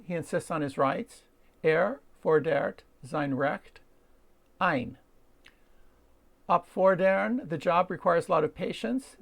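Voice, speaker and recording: A man's voice: high-pitched, creaky. An older man, a native English speaker, teaching vocabulary in a wry, self-deprecating, methodical way. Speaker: language learner and teacher. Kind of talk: explanatory video lesson.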